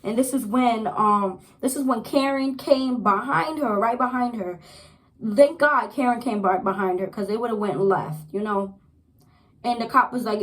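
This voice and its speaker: A young woman casually recapping a TV episode, chatty and animated, repeating herself as she goes. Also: fairly high pitch, measured pace, rough recording. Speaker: TV show reviewer.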